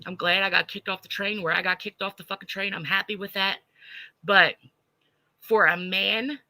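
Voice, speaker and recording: Blunt, bright-voiced woman ranting with gravelly fry. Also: mid-range voice, no echo, poor audio. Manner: blunt and profane, heated, reads chat aloud. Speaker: livestreamer reacting to online drama. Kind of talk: ranting livestream commentary.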